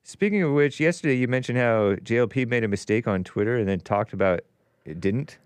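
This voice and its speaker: Smooth-voiced male call-in host. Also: mid-range voice, a little fast, no room sound. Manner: rambling, combative, laughs at own jokes. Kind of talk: casual call-in talk show.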